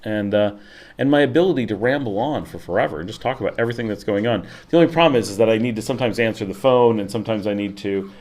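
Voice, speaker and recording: A man chats on his own livestream in a slightly low voice, rambling loosely and leaning on "like" and "you know." His tone swings up and down, and he speaks into a desk mic in a home office. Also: quick pace. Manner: rambling, filler-heavy, lively swings in tone. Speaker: livestream host. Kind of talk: casual livestream chat. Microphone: desk microphone.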